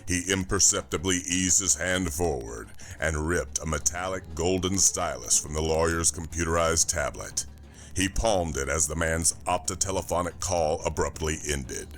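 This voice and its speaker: A man reading an audiobook in a steady, even storytelling delivery. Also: low voice, moderate pace, soft background music. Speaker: audiobook narrator. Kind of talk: scripted narration.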